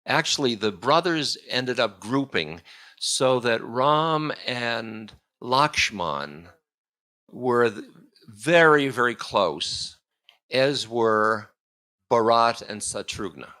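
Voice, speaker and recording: A man's voice: medium pitch, lively intonation, takes it slowly, bright, forceful tone. A man, a spiritual teacher, giving a storytelling lecture in a casual, meandering way with chuckling asides.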